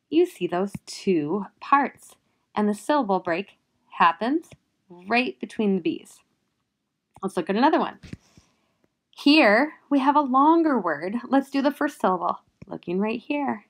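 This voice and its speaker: Slow, patient woman teaching phonics. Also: mid-range voice. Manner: slow, patient, sounding out letters and clapping syllables. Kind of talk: phonics lesson for young children.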